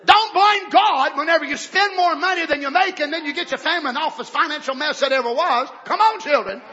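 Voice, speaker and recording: A man preaching a sermon in a church, breaking into shouted outbursts and folksy asides. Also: very high voice, fast talker. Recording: dull lo-fi recording with faint congregation.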